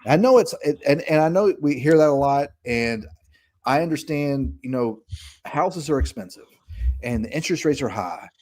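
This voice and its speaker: A man's voice: fairly high pitch, animated, normal speed, darkish tone. A middle-aged man from Kentucky with a Southern accent, talking casually as a podcast co-host, folksy and earnest with restarts and tag questions. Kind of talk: casual political chat.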